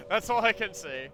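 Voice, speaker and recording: A man's voice: high voice, bright, forceful tone. A man streaming a video game, chatting casually as he plays, rambling and joking with frequent laughs. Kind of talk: casual gameplay commentary.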